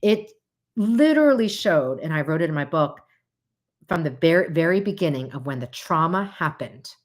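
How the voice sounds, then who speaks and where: Lively low-voiced woman hosting a talk. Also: moderate pace. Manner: animated, acts out quoted voices with big pitch jumps; conversational, with frequent laughs and asides. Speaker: host. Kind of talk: casual livestream talk to a chat audience.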